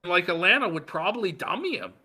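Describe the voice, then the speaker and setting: A man's voice: high voice, very animated, brisk, sharp tone, slightly rough. A male co-host chatting casually, sarcastic and teasing. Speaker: podcast co-host. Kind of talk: casual chat and commentary.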